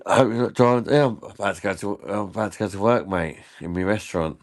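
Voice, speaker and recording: Man, gravelly and deep, slow joking livestream chat, drinking. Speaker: livestream host. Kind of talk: casual livestream chat reading comments.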